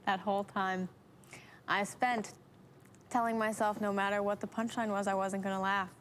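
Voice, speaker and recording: A woman's voice: medium pitch, little pitch movement, normal speed, a bit bright, slight background noise. Easygoing woman co-host chatting. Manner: easygoing listener, chatty and laughing along. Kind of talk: casual chat.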